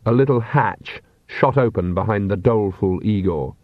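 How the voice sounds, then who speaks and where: A man narrating a comic fantasy audiobook in measured, dry storytelling. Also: lowish voice, no room sound. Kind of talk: scripted narration. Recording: dull, dry audiobook recording.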